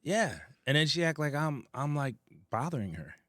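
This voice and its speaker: A man's voice: a little high, normal speed, no echo, studio quality. A man co-hosting a casual bar-talk podcast, telling a story with lots of swearing and laughter. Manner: animated, profane, laughs through his story. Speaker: podcast co-host.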